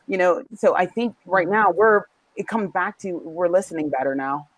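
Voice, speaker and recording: Earnest woman, low dry voice. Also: moderate pace, few pauses, no echo, low-quality recording. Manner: earnest, hesitant with fillers. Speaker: panelist. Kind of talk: casual panel discussion. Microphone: video call.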